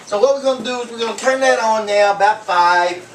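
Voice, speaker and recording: Talking briskly in a high-sitting voice, a man runs a homemade cooking show, joking and rambling with many fillers and offhand remarks. He's far from the mic in an echoey kitchen, with background noise and clinking dishes, pots and cutlery.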